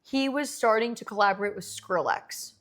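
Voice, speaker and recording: A woman in her twenties, a streamer telling a long story in casual chat, animated and swearing freely. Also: mid-range voice, normal speed.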